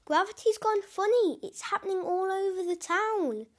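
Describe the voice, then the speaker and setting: A woman voicing Hamish, a young boy in a storybook, who speaks in excited exclamations. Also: very high-pitched, normal speed, pitched above the performer's own voice. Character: young boy with a messy mop of hair, easygoing.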